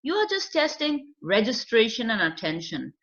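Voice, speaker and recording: A woman's voice: a little high, very animated, moderate pace, a bit bright. A woman with a non-native accent, explaining a screening test in a training lecture with many fillers. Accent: non-native English. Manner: explanatory, with fillers and acted client quotes. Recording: dull lo-fi recording.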